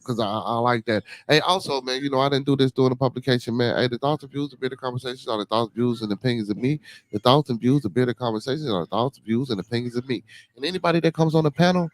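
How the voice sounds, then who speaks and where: A medium-pitched man with a Chicago accent hosts a casual call-in podcast, speaking deliberately. He stumbles over repeated words and calls people "man" and "brother."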